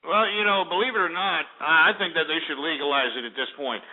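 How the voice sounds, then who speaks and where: A man's voice: a little high, a little fast. A man hosting a call-in radio show, ranting and insulting callers in an abrasive manner. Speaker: radio host. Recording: tinny phone-like audio.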